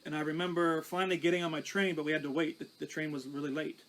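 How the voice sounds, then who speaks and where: A Canadian pastor shares his life testimony in a conversational, storytelling manner, restarting small bits as he recounts. His voice is on the high side, level in tone, fast, and a bit bright, and the recording is rough.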